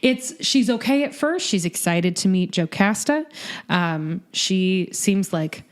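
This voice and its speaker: A woman co-hosting a casual podcast recap, animated and jokey with lots of swearing. Her pitch sits in a middle range for a woman. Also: slow. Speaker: podcast co-host.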